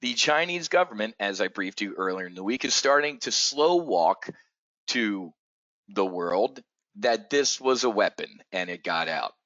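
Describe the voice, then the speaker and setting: A man hosting a live trading stream, talking bluntly and profanely with frequent stammered restarts and excitable outbursts. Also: on the low side, a little slow, no room sound, highs cut off. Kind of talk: unscripted live stream talk.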